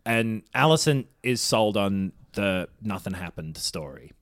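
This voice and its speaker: A man's voice: lowish voice, lively intonation, unhurried, a bit bright, no echo, studio quality. A man in casual podcast chat, recapping a TV episode in a laid-back, swearing way with fillers. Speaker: podcast co-host.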